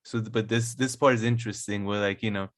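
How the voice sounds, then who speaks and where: A man's voice: on the low side, fairly even intonation, fast, fairly bright tone, no room sound, studio quality. A man co-hosting a podcast, chatting casually, laughing often and steering the talk. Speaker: podcast co-host. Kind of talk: casual chat.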